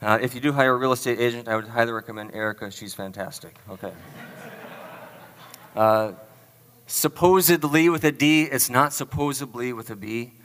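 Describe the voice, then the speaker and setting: In a church hall full of people, a male pastor delivers a sermon built around a playful word quiz, firing questions at the crowd. His mid-range voice is clean, a bit bright, and fairly quick, and he comes across as chatty and self-deprecating amid the hall's long reverb.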